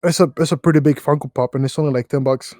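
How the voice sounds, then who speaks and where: A man's voice: fairly high pitch, steady tone, fast, darkish tone, no echo. Rambling young man telling work stories. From Mexican background. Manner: rambling, slangy, lots of fillers. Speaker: podcast co-host. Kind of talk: casual storytelling chat.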